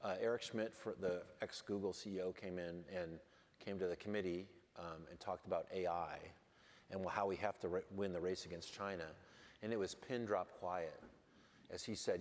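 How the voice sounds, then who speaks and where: Brief: man, low voice, blunt and wry panel guest, long hall reverb. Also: steady tone, normal speed. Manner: blunt, self-deprecating, wry. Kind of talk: candid panel conversation. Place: large event hall on stage.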